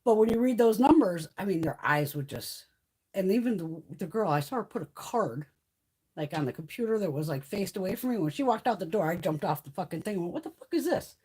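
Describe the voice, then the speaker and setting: A woman's voice: lowish voice, lively intonation, brisk, warm tone, breathy edge. A middle-aged woman from the US East Coast chatting casually on a livestream, telling stories in a blunt way and swearing constantly. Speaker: beauty livestream host.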